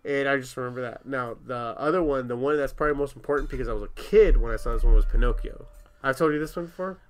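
A young man on a podcast, telling an animated story in casual chat, swearing freely and laughing often. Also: mid-range voice, quick pace. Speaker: podcast co-host.

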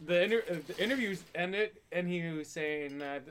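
A man speaks haltingly, full of fillers and restarts, in a slightly higher voice. Faint noise hums behind the recording. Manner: halting, hesitant, with many fillers. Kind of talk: casual chat.

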